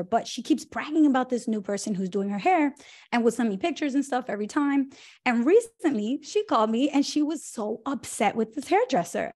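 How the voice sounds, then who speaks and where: A young woman gives a lively talk with business advice. Her voice sits fairly high. She acts out the voices of the people in her stories with energy. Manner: animated, acts out quoted dialogue. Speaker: story-sharer at a town hall.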